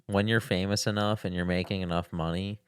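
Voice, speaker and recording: Laid-back low-voiced podcast guy. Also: fairly even intonation, a little fast, smooth, no echo, clean studio sound. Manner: laid-back, agreeable, laughs easily. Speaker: podcast co-host. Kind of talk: casual podcast chat.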